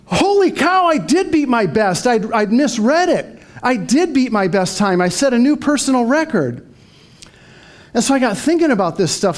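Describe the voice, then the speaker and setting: Man, middle-aged, high-pitched voice, motivational speaker, storytelling, acts out inner dialogue. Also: a little mellow. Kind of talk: motivational talk to a live audience.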